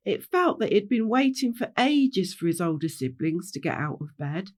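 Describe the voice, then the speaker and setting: A woman's voice: on the low side, big pitch swings, moderate pace, a little mellow. A woman reading a children's story aloud as storyteller.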